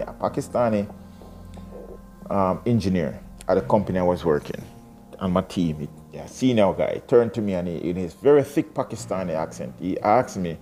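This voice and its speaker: A man's voice: low voice, dark tone. A man from Jamaica, talking casually and reading aloud, rambling with many restarts.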